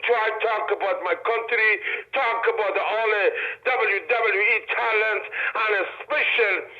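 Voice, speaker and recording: A man's voice: sits high, fairly even intonation, unhurried. Older man over a dull phone. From Iran. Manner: broken English, effusive, repeats blessings. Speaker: phone-in guest, retired wrestler. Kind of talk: phone interview. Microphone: telephone.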